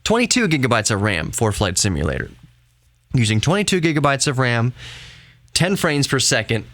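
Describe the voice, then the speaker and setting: A man's voice: mid-range voice, big pitch swings, normal speed, a bit bright, no echo, clean studio sound. A man in his thirties hosting a solo podcast from home, rambling casually and laughing easily. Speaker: podcast host. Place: home room with laptop running.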